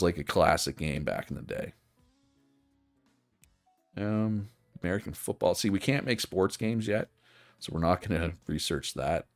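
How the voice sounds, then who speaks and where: Streaming a management game, a man with a low, creaky voice chats casually and thinks aloud, full of fillers and restarts.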